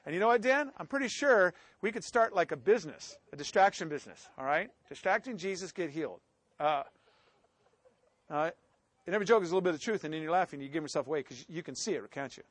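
A man's voice: on the high side, expressive, fast talker, dry recording. A man preaching a sermon, reading scripture aloud and breaking off into casual asides and jokes to the congregation. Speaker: pastor.

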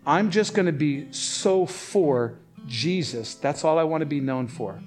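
A man delivers a sermon in a voice that sits a bit higher than most men's. He tells stories with lively energy, jumping up in pitch to act out the people he quotes. Faint guitar plays softly beneath him. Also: measured pace. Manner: animated storytelling, voices rising sharply for quoted people. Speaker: pastor.

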